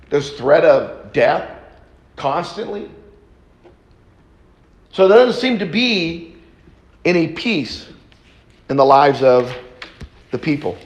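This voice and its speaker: Brief: male preacher, high voice, slow and deliberate, echoey church hall. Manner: slow, deliberate teaching with repeated phrases. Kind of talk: sermon. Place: church auditorium.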